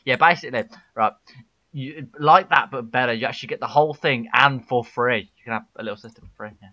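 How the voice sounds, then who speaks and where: A man's voice: medium pitch, fast talker, bright, forceful tone, dull audio. A British man hosting his own game live stream, chatting casually and teasing playfully. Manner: playful, jokey, teasing banter. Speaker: livestream host.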